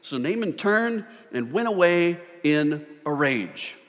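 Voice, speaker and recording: A middle-aged man preaching a sermon, animated, swinging from loud bursts to hushed tones. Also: on the high side, takes it slowly. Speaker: pastor. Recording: long hall reverb.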